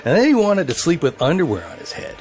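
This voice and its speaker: Animated profane male storyteller. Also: fairly high pitch, fast, faint music behind. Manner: animated, profane anecdote telling. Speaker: band member. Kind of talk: documentary interview storytelling.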